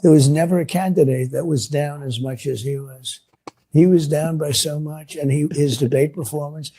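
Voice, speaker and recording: Older male politician, gravelly and mellow-dark, boastful repetitive rambler. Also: fairly high pitch, steady tone, moderate pace. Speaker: politician answering reporters. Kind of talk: clip of a press Q&A.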